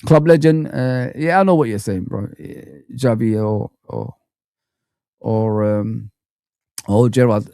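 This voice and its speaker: A man's voice: mid-range voice, vocal fry, mellow, no echo, studio quality. A man hosting a live football fan stream, chatting with viewers and ranting animatedly. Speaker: football fan channel host.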